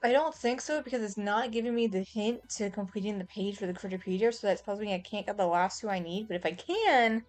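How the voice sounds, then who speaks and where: A woman's voice: mid-range voice, brisk, few pauses, soft background music. Streamer woman thinking aloud mid-game. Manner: thinking aloud, listing what she can't do yet. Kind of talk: casual gameplay commentary.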